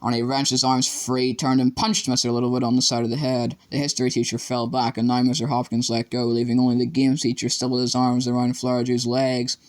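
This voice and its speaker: A man reads an audiobook chapter with a middle-range pitch. His narration is measured and dramatic, carrying the action steadily. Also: completely flat delivery, a little mellow.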